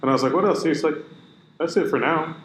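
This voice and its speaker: A man co-hosting a casual podcast, telling an animated story and quoting his buddy. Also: a little high, fast. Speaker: podcast co-host. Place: gym room. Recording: echoey room with faint noise.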